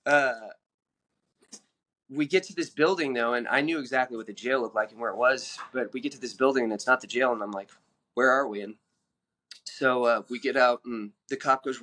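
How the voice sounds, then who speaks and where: A man guest telling his own story in an earnest, halting way, with many fillers and restarts. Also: mid-range voice, pushed and bright. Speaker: podcast guest.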